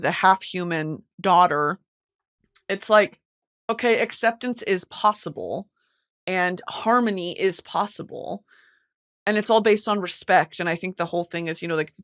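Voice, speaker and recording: A woman hosting a podcast in casual chat, excitable and swearing freely, on a close studio mic. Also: mid-range voice, no room sound. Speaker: podcast host.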